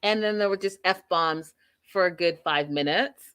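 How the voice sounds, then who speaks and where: A woman hosting a podcast, giving an animated, emphatic, chatty recap of a reality show. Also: lowish voice, measured pace, clear, resonant tone. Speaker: podcast host. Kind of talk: casual TV recap commentary.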